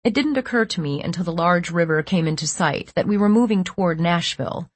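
A woman narrating a first-person novel as an audiobook, in a steady, measured reading. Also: fairly low pitch, husky, no room sound.

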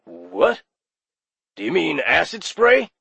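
A man doing a raspy, gravelly demon operator. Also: a little high, wildly swooping pitch, slow, pushed and bright, no echo, pitched above the performer's own voice, full character voice. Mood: chummy. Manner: chummy, breezy customer-service patter. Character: friendly raspy male demon phone operator. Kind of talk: audiobook character voice.

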